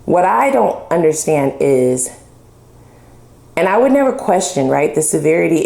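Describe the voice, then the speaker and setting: Chatty, foul-mouthed woman reading tarot; fry in the voice, recorded in an echoey room. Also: medium pitch, big pitch swings, normal speed, warm tone. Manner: blunt, profane, chatty. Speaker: tarot reader. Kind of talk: casual tarot love reading. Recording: roomy echo.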